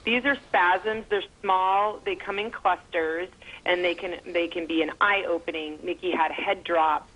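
A middle-aged woman speaks as an interview guest, her voice sitting a little low. She tells a personal story earnestly, with feeling and the odd filler. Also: fairly even intonation, unhurried, muffled recording. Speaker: guest, mother and foundation founder.

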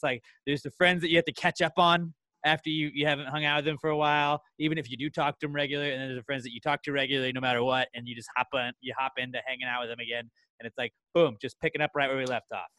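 Man, somewhat high voice, casual podcast banter, swears freely, dry close sound. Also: sharp tone, no echo. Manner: loose, profane, reads ad plugs with enthusiasm. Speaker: podcast co-host.

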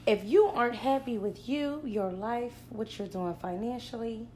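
A woman's voice: on the high side, normal speed, darkish tone, slight background noise. A woman co-hosting a casual chat, talking bluntly with slang and swearing. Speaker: podcast co-host.

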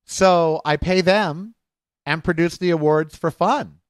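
A man's voice: fairly high pitch, slow pace, smooth, dry recording. A middle-aged man hosting his own podcast, talking candidly and emotionally in a rambling personal monologue. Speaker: podcast host.

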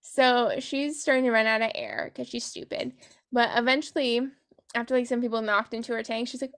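A woman with a high voice and noticeable vocal fry is retelling a novel on her podcast. She talks in a sarcastic, casual way, swearing freely and giggling. It feels like a loose chat between friends. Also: fairly even intonation, a little fast, a bit bright. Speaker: book podcast host.

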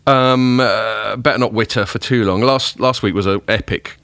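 A man hosting a podcast in casual chat, rambling and self-deprecating, a little hungover and rough-voiced. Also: on the low side, moderate pace, a bit bright, no echo. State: hungover, voice a bit deeper than usual. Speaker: podcast host.

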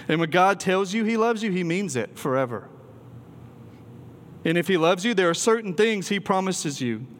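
A man's voice: on the high side, slight background noise. A man preaching a sermon to a student gathering, earnest and emphatic, with occasional ums and restarts. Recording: long hall reverb.

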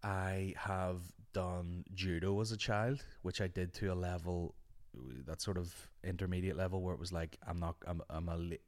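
A young man hosting a podcast, telling a casual, animated and sweary story. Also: deep voice, moderate pace. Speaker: podcast host.

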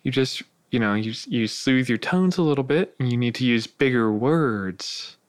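A man's voice: mid-range voice, lively intonation, moderate pace, no room sound, clean studio sound. Laid-back young man cracking jokes. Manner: laid-back, wisecracking, swears casually. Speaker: podcast co-host. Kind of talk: casual banter.

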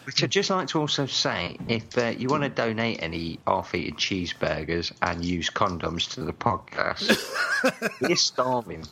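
A low-voiced man co-hosting a casual comedy podcast. His tone is bright and forward, and he tosses in dry asides over a faint background hiss. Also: very animated, unhurried. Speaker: podcast co-host.

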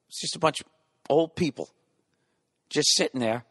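A man's voice: on the high side, moderate pace, long pauses, a bit bright, no room sound, clean studio sound. A man in his forties doing a rambling, profane comedic monologue, often interrupting and correcting himself. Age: 40s.

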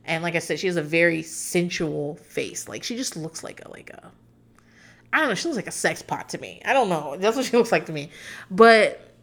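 A woman's voice: on the low side, animated, normal speed, gravelly. A woman in her thirties, casually and opinionatedly recapping a reality show as a podcast host, rambling with plenty of fillers. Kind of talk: casual chat.

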